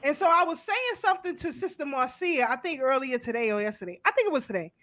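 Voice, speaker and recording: Blunt high-voiced New woman. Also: fast. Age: middle-aged. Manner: blunt, animated, swears freely. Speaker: host. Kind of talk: casual panel talk.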